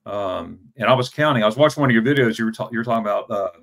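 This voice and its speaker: A man's voice: on the low side, very fast, creaky, fairly bright tone. A man in his fifties who tells a long personal story in a casual interview, stammering and repeating words with many fillers. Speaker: travel vlogger telling his story as an interview guest.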